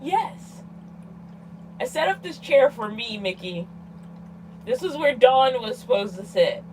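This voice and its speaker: A woman's voice: a little high, lively intonation, normal speed, a little mellow, a little hiss or hum, low-quality recording. A woman chatting casually on a livestream, giggly and talking to her cat, from inside her van. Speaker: vlogger hosting a livestream.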